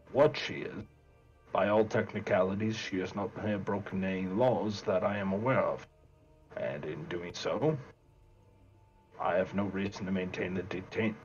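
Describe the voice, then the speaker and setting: A man's voice: fairly low pitch, lightly acted. A man playing a stern, dutiful lawman in a tabletop game, speaking formally and solemnly. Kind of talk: tabletop role-play in character. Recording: muffled lo-fi mic, faint music.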